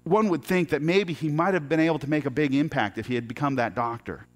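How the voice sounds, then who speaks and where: A middle-aged man telling a personal story as a sermon, earnest and halting, often restarting his words. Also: on the high side.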